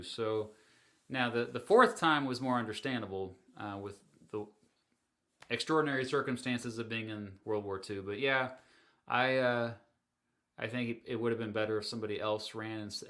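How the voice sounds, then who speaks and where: A man runs a livestream, talking through viewer questions in a loose, chatty way, full of ums and small laughs. His voice has a bright, forceful edge. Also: mid-range voice. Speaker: livestream host. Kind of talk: casual livestream Q&A.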